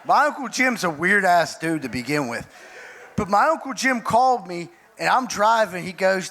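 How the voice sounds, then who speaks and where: A man's voice: high-pitched, lively intonation, moderate pace, bright, forceful tone, a little hiss or hum. A man doing a stand-up comedy set, telling a loose rambling story and acting out other people's lines. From Pittsburgh area, US. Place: live comedy venue with audience.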